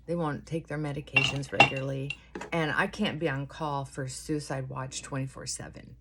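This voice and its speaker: A woman's voice: very deep voice, fairly even intonation, moderate pace, very noisy. A middle-aged woman chatting earnestly and giving advice while doing her makeup.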